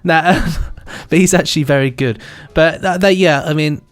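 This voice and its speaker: A man's voice: on the high side, moderate pace, no echo, soft background music. Chatty English man, dry close sound. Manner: enthusiastic, chatty, laughs often. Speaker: podcast co-host. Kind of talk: casual chat.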